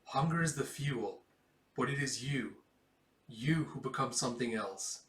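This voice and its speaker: A man's voice: medium pitch, lively intonation, unhurried, a bit bright, distant mic. A man voicing a solemn, stately older father who speaks in formal phrases, recorded with a roomy echo. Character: solemn old father, lofty and patient.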